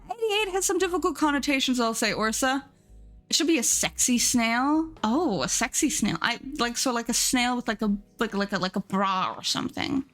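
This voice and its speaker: A young woman streamer chatting casually, giggling and reading her chat aloud. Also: high voice.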